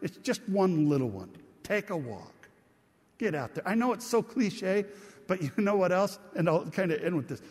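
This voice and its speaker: A man's voice: sits high, sing-song, normal speed, a little mellow, husky. A man preaching a sermon as a pastor, chatty and joking with his congregation. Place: church hall. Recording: long reverb of a church hall.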